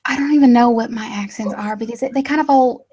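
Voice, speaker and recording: Woman, mid-pitched, halting casual chat with restarts. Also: noisy background. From Middle Tennessee, USA. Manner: hesitant, restarts her sentences.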